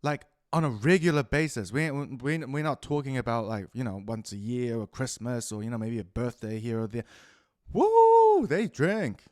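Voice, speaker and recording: A man with a New Zealand accent ranting profanely through a rambling solo monologue, swinging between loud outbursts and muttered asides. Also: mid-range voice, lively intonation, normal speed, hardly any pauses, no echo, studio quality. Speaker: podcast host.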